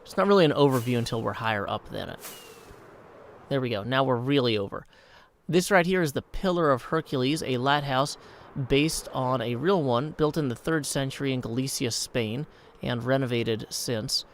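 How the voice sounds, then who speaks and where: A man with a hoarse morning voice, rambling and chatty as he streams a game and answers chat mid-thought. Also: medium pitch, moderate pace, a little hiss or hum. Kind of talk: live-streamed game commentary.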